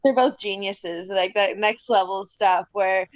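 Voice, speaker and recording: A woman's voice: medium pitch, unhurried, dry recording, dull audio. A woman in her twenties, a guest fighter, chatting casually on a video call from bed, laughing often. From Canada, grew up in Florida. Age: 20s. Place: in bed at home.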